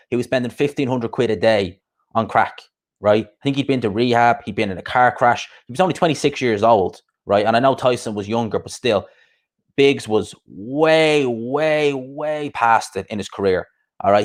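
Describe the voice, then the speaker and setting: A man hosting a boxing live stream, ranting bluntly and profanely with lots of rhetorical questions. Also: medium pitch. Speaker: boxing podcast host. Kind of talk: casual live stream rant.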